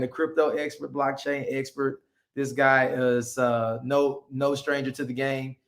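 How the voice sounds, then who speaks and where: A man hosting a live stream, hyped and upbeat, introducing guests in an excited chatty way. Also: medium pitch. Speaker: host. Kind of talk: excited livestream chat.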